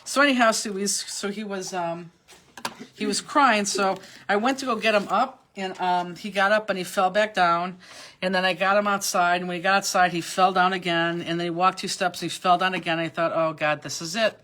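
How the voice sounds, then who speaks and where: A woman's voice: mid-range voice, steady tone, a little fast, a bit bright. A middle-aged woman hosting a live online craft class, rambling through a personal story between cutting instructions, with many fillers and restarts. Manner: rambling, chatty, emotional, with frequent fillers and restarts. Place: warehouse workspace.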